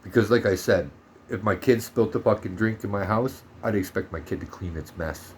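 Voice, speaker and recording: A man's voice: lowish voice, normal speed, a little hiss or hum. A man from Canada ranting heatedly in a monologue vlog, swearing often and turning sarcastic. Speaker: vlogger.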